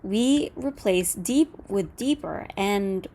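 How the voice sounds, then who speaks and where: A woman's voice: mid-range voice, expressive, slow pace, warm tone, a little hiss or hum. Casual woman teaching code. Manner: casual, explanatory, with fillers and self-corrections. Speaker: coding tutorial host. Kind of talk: screen-recorded coding lesson.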